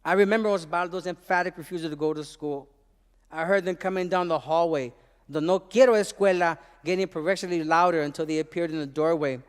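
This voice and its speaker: A man's voice: a little high, fairly even intonation, fast talker, clear, resonant tone, big-room sound. A man giving an emphatic spoken-word performance at a live arts venue, sprinkling his story with Spanish phrases. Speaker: poet and former teacher.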